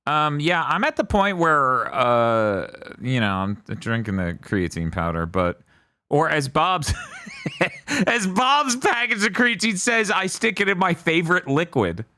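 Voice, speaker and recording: A man hosting a loose comedy podcast chat, his voice bright and forward with a bouncy, animated pitch. He jokes, swears and laughs a lot, and the recording sounds dry and close, with faint music underneath. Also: unhurried, no room sound. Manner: joking, swearing, laughs often. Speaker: podcast host.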